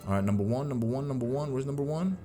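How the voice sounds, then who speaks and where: A man's voice: medium pitch, rapid-fire, mellow, a little hiss or hum. A man giving casual, joking commentary while playing a video game, full of slang and playful trash talk. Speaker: gaming commentator.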